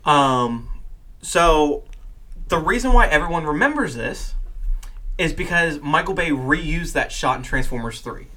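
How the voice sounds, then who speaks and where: A man's voice: a little high, lively intonation, measured pace, bright, forceful tone. A man co-hosting a casual movie review chat, explaining plots and trivia at length. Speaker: podcast co-host.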